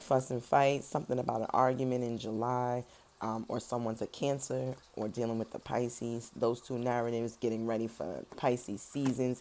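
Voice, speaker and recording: A woman giving a casual tarot reading, talking straight to her viewers in a sassy, animated way. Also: extremely low pitch, creaky. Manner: animated, swings between loud emphasis and soft serious tones. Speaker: tarot reader.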